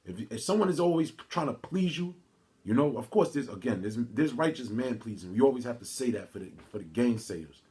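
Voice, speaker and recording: A man's voice: medium pitch, lively intonation, mellow. Casual man preaching in street talk. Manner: reads scripture aloud haltingly, with restarts. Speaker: religious teacher. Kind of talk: informal video sermon. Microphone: phone or camera mic.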